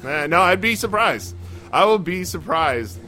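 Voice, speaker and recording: A man's voice: sits high, lively intonation, unhurried, pushed and bright, soft background music. A man chatting casually on a podcast as a comedian, telling profane club stories and mimicking people. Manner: profane, loose storytelling with mimicked voices.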